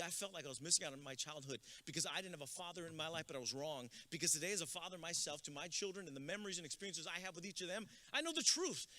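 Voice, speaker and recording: Bright-voiced man giving a rousing speech. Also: a little high. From San Antonio, Texas. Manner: rousing, builds to shouted calls to the crowd; storytelling with jokes. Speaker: graduation guest speaker. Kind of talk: motivational speech.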